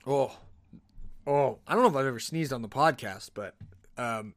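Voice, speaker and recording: A man hosting a podcast, telling rambling, animated stories and often cutting himself off. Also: medium pitch, moderate pace, no room sound. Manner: rambling, animated, self-interrupting. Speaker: podcast host. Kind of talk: casual solo podcast storytelling. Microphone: podcast microphone.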